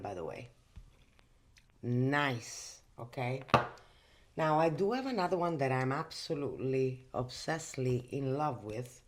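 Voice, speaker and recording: A woman from Italy with an Italian accent, chatting casually in a makeup vlog from her bedroom, emphatic and full of fillers. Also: extremely low pitch. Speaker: host.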